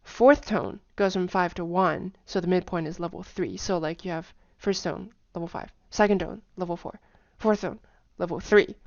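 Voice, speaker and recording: A woman casually explaining tone patterns in a lesson, talking in a chatty way with lots of fillers and humming or singing syllables to show pitch. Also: moderate pace, few pauses, darkish tone, dry recording, dull audio. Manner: chatty, many fillers, hums and sings tone patterns. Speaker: language teacher.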